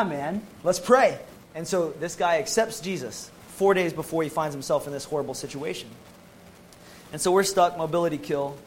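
An American man, a former Marine medic, telling a personal testimony to an audience in an animated, emphatic way with casual slang. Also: a little high, slight background noise, poor audio.

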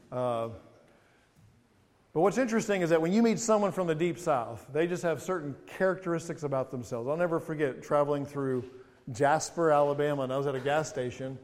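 A man's voice: fairly high pitch, normal speed. A man preaching a sermon as pastor, reading scripture aloud with rising emphasis and breaking into chatty, humorous asides. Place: church sanctuary. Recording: reverberant church hall.

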